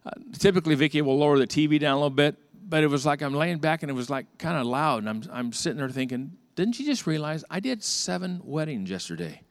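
Pastor telling a story in a sermon. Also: male voice, mid-range voice, smooth, no echo, clean studio sound. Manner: storytelling with lively acted-out dialogue.

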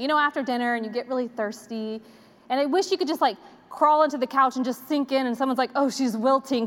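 Woman, 40s, church speaker, high-pitched, chatty storytelling sermon, long hall echo. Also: fairly bright tone. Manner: chatty, self-deprecating storyteller. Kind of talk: conversational sermon. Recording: long reverb of a large hall.

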